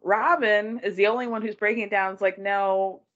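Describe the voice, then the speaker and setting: Speaking fast over lo-fi sound, this medium-pitched woman co-hosts a relaxed podcast chat about a reality show. She acts out quotes in exaggerated voices and keeps breaking into laughter.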